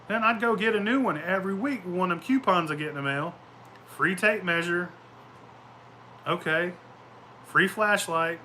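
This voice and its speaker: A man's voice: high voice, moderate pace, long pauses, bright, forceful tone, a little hiss or hum. A man chatting casually outdoors at home, telling rambling, profane stories and laughing often. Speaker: vlogger. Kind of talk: casual chat.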